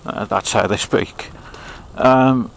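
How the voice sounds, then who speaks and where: A man's voice: on the low side, slow pace, creaky, a little hiss or hum, rough recording. An English man chatting as he rides along an old railway path, grumbling and joking at himself. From England. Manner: chatty, grumbling, self-mocking. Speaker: vlogger. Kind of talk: casual running commentary while riding.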